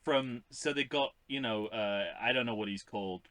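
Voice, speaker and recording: Wry, bright-voiced man chatting. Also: mid-range voice, moderate pace, no room sound. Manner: wry, joking, many restarts. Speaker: podcast co-host. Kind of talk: casual chat.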